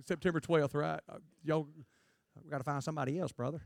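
A man preaching a jokey, animated youth sermon to a live student audience. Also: fairly high pitch, quick pace, vocal fry, no room sound, clean studio sound. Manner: jokey, animated, acts out quotes in funny voices. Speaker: guest preacher.

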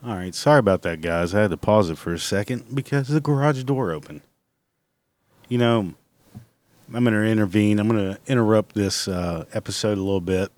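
A man with a fairly low voice rants his way through a solo podcast, blunt and rambling, with swearing in nearly every sentence. The sound is close and dry, with no room around it. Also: a little fast, a little mellow, dry recording. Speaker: podcast host. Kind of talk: casual solo podcast rant.

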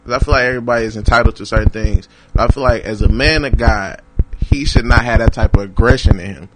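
A man co-hosting a casual chat, animated and profane, laughing often. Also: lowish voice, fast, noisy background. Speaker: podcast co-host.

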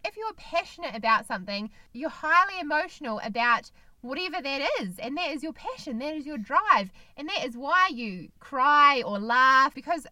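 A woman's voice: high voice, expressive, moderate pace, bright, forceful tone, dry recording. A woman co-hosting a casual chat podcast, talking in an earnest, reflective and opinionated way.

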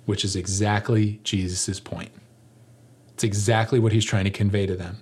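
A man preaching a sermon as pastor, animated and jokey, acting out the lines he quotes. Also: fairly low pitch, moderate pace, husky.

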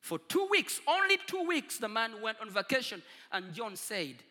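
A man preaching a storytelling sermon, dramatic and husky, swinging from booming to hushed. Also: very animated, moderate pace. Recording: long reverb of a large hall.

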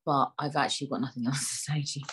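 A woman's voice: a bass voice, steady tone, fast, a bit bright, slight background noise, low-quality recording. A woman hosting a solo podcast, rambling in a chatty, joking, self-mocking way. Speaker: podcast host.

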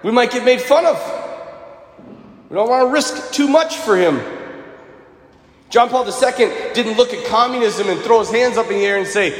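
A man's voice: high-pitched, moderate pace, long pauses. A man preaching as a Catholic priest, telling stories and acting out the quotes. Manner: animated storytelling with acted quotes. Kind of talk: sermon. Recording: echoey church hall.

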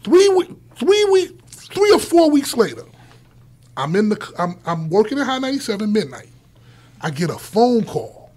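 High raspy dude telling a story, swearing a lot, voice jumping all over. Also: male voice, moderate pace. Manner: lively, profane, acts out voices while telling the story. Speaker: former radio DJ telling a story. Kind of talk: animated storytelling in casual chat.

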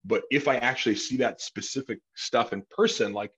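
A man's voice: medium pitch, fairly quick, a bit bright, breathy edge, dull audio. A man hosting a podcast in casual conversation, rambling with lots of fillers and some swearing. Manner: rambling, many fillers, profane. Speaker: podcast host.

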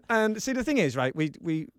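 A man hosting a dance-music radio show, bantering excitedly and shouting his praise. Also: high voice, no room sound, clean studio sound. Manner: exuberant, loud shouts of praise.

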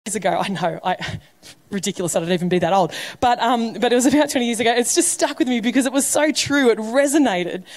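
A woman pastor preaches in a church, her voice sitting a little high for a woman. She talks casually and with humour, dropping into quoted voices to act out stories. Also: fast. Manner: conversational, humorous preaching with acted quotes. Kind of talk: sermon.

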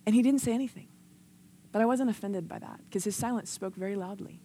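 A woman with a mid-range, dark voice and a breathy edge preaches quickly into a microphone. Her sermon is earnest and conversational, built on personal stories with plenty of "like," and it mounts in intensity.

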